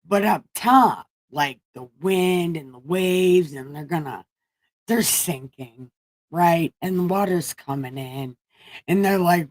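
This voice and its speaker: Host: a woman doing irreverent Bible readings, low-pitched and unhurried, crude asides. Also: lively intonation, darkish tone, dry recording. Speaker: comedy Bible reader. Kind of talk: irreverent comedic scripture reading.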